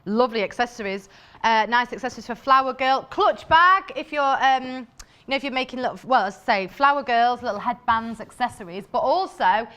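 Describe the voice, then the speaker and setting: A woman's voice: a little high, brisk, a bit bright. A woman presenting fabrics live on a shopping channel. She speaks in a chatty, enthusiastic way, with lots of fillers and asides to her crew. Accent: British English.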